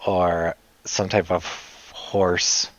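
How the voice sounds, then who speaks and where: A man's voice: low voice, level tone, extremely slow. A man with a Canadian accent hosting a casual livestream, rambling and joking as he chats. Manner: rambling, joking, laughs often. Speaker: livestream host. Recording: dull lo-fi sound.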